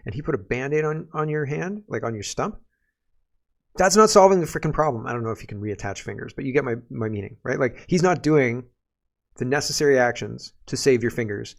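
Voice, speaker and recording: Gravelly guy doing a sarcastic political rant, lots of laughing. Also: medium pitch, animated, brisk. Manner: sarcastic, ranting, laughs often. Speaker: political commentary host. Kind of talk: casual political commentary.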